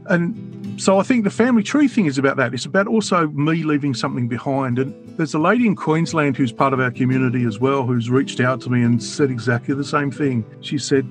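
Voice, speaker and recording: A man's voice: medium pitch, a little fast, music in the background. A man speaking as a guest, telling a personal story in a reflective, sometimes emotional way with frequent restarts. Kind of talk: candid personal conversation.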